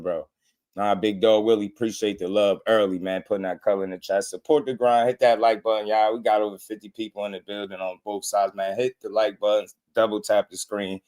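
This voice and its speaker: A man's voice: lowish voice, normal speed. Laid-back New Jersey livestream host, a man, chuckling through loose slangy banter with viewers. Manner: laughs often, relaxed slangy banter. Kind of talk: casual livestream chat.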